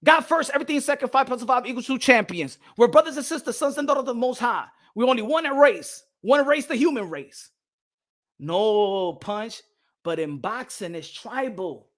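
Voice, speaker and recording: A man's voice: very high voice, expressive, moderate pace, fairly bright tone. A man hosting a boxing live stream, ranting heatedly, repeating phrases and switching between English and Spanish. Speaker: boxing channel host.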